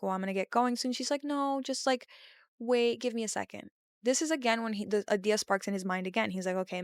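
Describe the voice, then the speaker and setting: A young woman hosting a podcast, casually telling a story and acting out the people in it with lively swearing. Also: medium pitch, no room sound, studio quality. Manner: animated, acts out quotes, swears casually. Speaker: podcast host.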